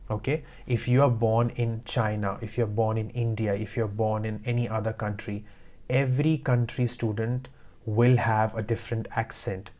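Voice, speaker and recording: A man's voice: fairly low pitch, level tone, moderate pace, darkish tone. A man teaching IELTS speaking tips, giving direct, emphatic advice in short repeated commands. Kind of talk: instructional talk to camera.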